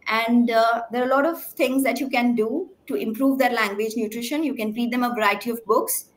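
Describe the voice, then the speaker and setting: Female speech therapist, slightly high voice, clear emphatic teaching delivery to parents, asks the room questions. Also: a little fast, slight background noise. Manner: clear, emphatic teaching with frequent "right?" check-ins. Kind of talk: talk to parents.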